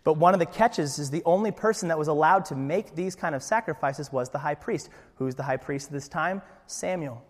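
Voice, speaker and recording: A man preaching a sermon as pastor, acting out the dialogue with big, loud swings in voice. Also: on the high side, fairly quick, hardly any pauses, long reverb tail.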